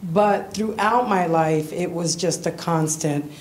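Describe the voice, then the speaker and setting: A woman visiting a church, giving a tearful, halting personal testimony with nervous laughs. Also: lowish voice, a little mellow, slight background noise.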